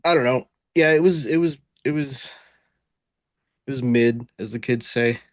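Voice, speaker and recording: A man's voice: mid-range voice, a little slow, no echo, studio quality. A man co-hosting a wrestling review podcast, talking with casual enthusiasm and some swearing. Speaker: podcast co-host.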